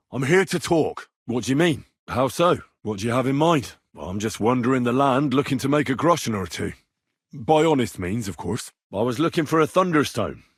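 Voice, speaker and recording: Wry husky young medieval hero. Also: male voice, medium pitch, no echo, studio quality. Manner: sardonic, swears freely. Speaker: game protagonist. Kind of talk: game voice lines.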